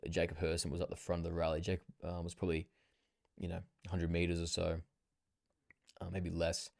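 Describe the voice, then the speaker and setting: A man's voice: low-pitched, completely flat delivery, a little fast, gravelly, a little mellow, no room sound, studio quality. A young Australian man hosting a casual livestream, rambling with swearing, fillers and self-corrections. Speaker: livestream host. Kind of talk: casual solo livestream commentary.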